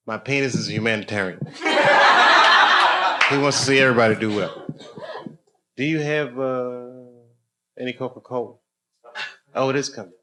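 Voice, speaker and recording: A man's voice: medium pitch, moderate pace, pauses often, very noisy. A middle-aged man, a comedian, joking loosely with people in a live club. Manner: loose, joking, chatty with the audience. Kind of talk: casual crowd banter on stage.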